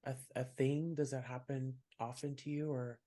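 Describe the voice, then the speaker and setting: A podcast host keeps the talk easy, backing the guest up with frequent affirmations and soft laughter. When sharing their own stories, they speak at a middling pitch, casual and unhurried. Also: steady tone, crowd noise. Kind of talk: casual interview chat.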